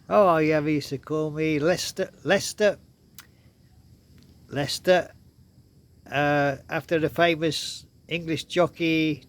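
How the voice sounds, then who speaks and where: Chuckling older man telling stories. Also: on the high side. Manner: rambling, chuckles often between lines. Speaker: vlogger. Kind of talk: casual storytelling to camera.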